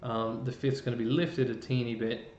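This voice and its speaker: An Australian man explains music theory on a live stream. His talk is loose and chatty, with frequent ums and restarts. The sound is roomy and a little muffled, with a faint rumble behind it. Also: level tone, moderate pace, a little mellow. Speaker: music presenter.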